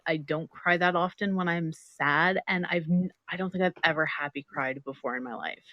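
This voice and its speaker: A middle-aged woman guest telling stories in a casual interview, animated and laughing often. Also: lowish voice, moderate pace, no room sound, highs cut off. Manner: animated storytelling, laughs a lot.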